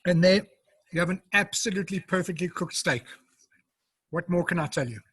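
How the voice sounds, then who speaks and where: A man's voice: sits high, fairly quick, a bit bright, breathy edge, no echo. A man with a South African accent chatting through a cooking demo on a video call, explaining each step and eating as he talks. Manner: chatty, explains step by step, eats while talking. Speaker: home cook presenting. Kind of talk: casual live cooking demo.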